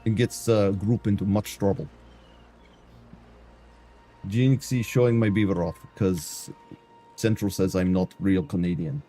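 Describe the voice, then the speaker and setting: A boastful male tabletop negotiator, played by a man on a live stream, speaks in a put-on bad Eastern European accent with deadpan, broken grammar. The voice sits low, mellow and husky, with faint music in the background. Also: unhurried, pauses often. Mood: mock-serious. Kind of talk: live-stream role-play voice.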